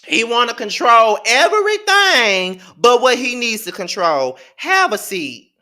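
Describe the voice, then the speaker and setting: A man's voice: extremely high pitch, sing-song, measured pace, pushed and bright. A man hosting a live TV episode review, talking emphatically and repeating himself in exasperation. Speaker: host.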